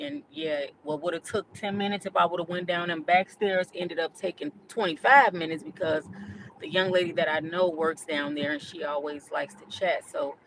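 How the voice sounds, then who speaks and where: A woman's voice: sits low, a little hiss or hum, low-quality recording. Chatty middle-aged woman talking while driving. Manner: chatty, candid, vents loudly about other drivers. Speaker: vlogger. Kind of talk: casual chat while driving. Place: in a car.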